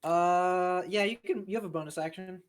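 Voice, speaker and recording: A game master running a tabletop game in casual chat, halting with fillers and casual swearing. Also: medium pitch.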